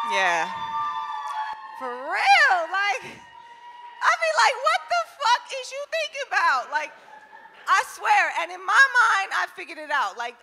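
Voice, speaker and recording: Brash young woman comic, high bright voice, loud and profane, club reverb. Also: a little hiss or hum. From New Jersey. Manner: brash, profane and loud, laughing at her own jokes. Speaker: stand-up comedian. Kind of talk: stand-up comedy set. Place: comedy club stage.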